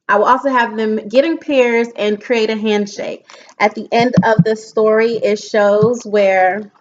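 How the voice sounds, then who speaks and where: A young woman, an education student, giving an earnest, halting book report presentation and mixing reading with comments. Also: medium pitch. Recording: dull lo-fi home recording with faint noise.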